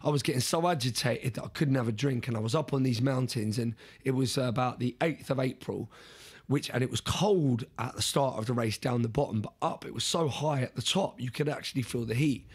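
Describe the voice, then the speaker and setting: A man's voice: medium pitch, brisk, husky. A young man, a podcast guest, telling an earnest story in conversation, often restarting and repeating words.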